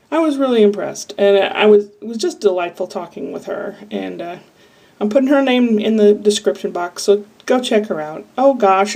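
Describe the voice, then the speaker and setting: A woman's voice: medium pitch, darkish tone. A woman from Iowa talking to camera in a casual, rambling, candid diary-style monologue full of asides. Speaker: vlogger. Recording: voice a bit far from the mic.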